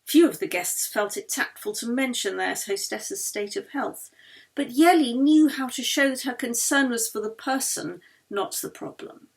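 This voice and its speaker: A woman reads her novel aloud in measured, expressive audiobook narration. Her voice sits a little high. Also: vocal fry. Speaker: author reading her novel.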